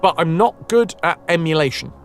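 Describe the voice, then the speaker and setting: Lively chatty male game streamer. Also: fairly high pitch, normal speed, faint music behind. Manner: chatty, reads chat aloud, swears freely. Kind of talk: casual live-stream chat.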